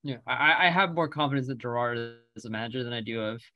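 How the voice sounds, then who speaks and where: A man's voice: medium pitch, fast, dull audio. An American man co-hosting a sports podcast, chatting casually and rambling with jokes and fillers. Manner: rambling, joking, lots of fillers. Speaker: podcast co-host.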